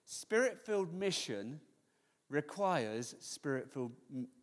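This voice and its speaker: A man preaching a sermon as pastor, lively, now and then acting out voices of people in the story. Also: a little high, slow, in a large hall.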